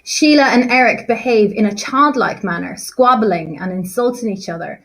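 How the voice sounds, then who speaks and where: Her voice is mid-range and fairly bright, at a moderate pace, though the recording is rough. An English teacher, she chats casually about a set text during a revision lesson, self-deprecating and full of fillers and restarts.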